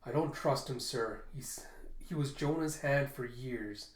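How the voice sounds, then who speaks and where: A man's voice: medium pitch, a little fast, natural voice. A man reading a comic aloud, voicing a stern, commanding young woman soldier in clipped orders, in a roomy echo. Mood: grim report.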